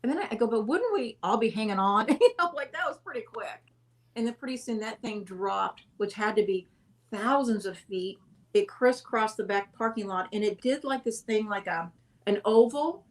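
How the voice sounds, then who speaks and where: A woman's voice: a little high, normal speed. A woman guest in a casual interview, telling a long story in a rambling way, correcting herself and laughing often.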